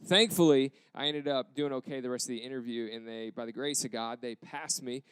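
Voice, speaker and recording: A young American man, a pastor, telling a story in a sermon with animated acted quotes. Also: mid-range voice, fairly quick, clear, resonant tone, no echo. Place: church campus.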